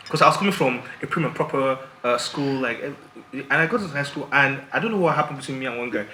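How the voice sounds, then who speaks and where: A man, co-hosting a casual panel chat, expressive and laughing through his stories. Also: mid-range voice, fast talker, echoey room, slight background noise, rough recording. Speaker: show co-host.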